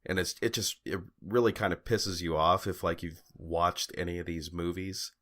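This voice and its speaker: Very deep-voiced man chatting on a podcast. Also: fairly even intonation, normal speed, fairly bright tone. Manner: rambling, frequent fillers and restarts, laughs often. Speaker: podcast co-host. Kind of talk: casual chat.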